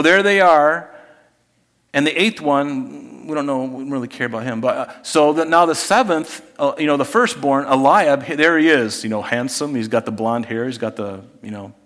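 A man preaching a sermon in a church sanctuary, talking to the congregation in a conversational way. His voice sits a little above the usual male pitch, and it swings between quiet asides and emphatic stretches. The sound has a long reverb tail from the hall. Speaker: pastor.

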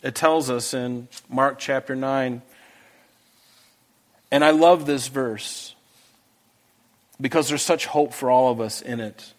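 A man's voice: medium pitch, slow pace, long pauses. A man preaching a sermon to a congregation, earnest and emphatic, pressing his listeners with pleading questions. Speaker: pastor. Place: church hall with a congregation.

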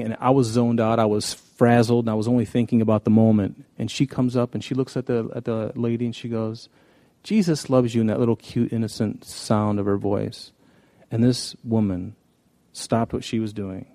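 A man's voice: mid-range voice, dark tone, no echo. A man preaching a conversational sermon, telling stories in a folksy way with frequent restarts. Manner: folksy, storytelling, many restarts. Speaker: pastor.

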